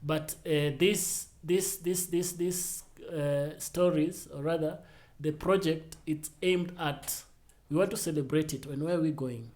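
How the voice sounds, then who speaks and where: A young man co-hosting a podcast in casual chat, animated and teasing, often trailing off and restarting. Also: fairly high pitch, unhurried. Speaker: podcast co-host.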